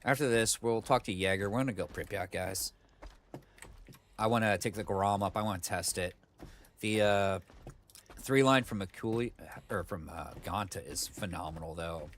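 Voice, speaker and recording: A man with a lowish voice streams a video game from his computer, rambling casually with lots of fillers and side comments. He talks into a desk mic, with faint keyboard clicks in the background. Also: normal speed, a bit bright, a little hiss or hum. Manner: rambling, chatty, full of fillers and asides. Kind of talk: casual let's-play commentary.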